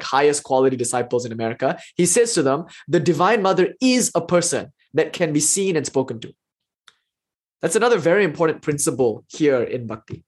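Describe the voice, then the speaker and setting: Husky-voiced man teaching an online lesson. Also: fairly high pitch. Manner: reads quoted passages slowly and expressively, then explains casually. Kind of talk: online lecture reading and explaining a text.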